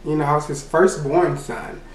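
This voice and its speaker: A man's voice: on the high side, steady tone, moderate pace. A young man from Louisiana, telling a candid personal story and rambling with lots of "you know". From Louisiana, USA. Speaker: vlogger. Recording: roomy echo, mic set far off.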